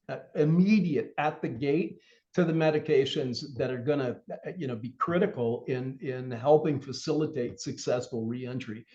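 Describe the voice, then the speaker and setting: A man with a somewhat high voice leads a training session, talking loosely and filling his pauses with ums and uhs. The audio is dull and lo-fi, as over a web call. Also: darkish tone. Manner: conversational, many fillers, reads through objectives.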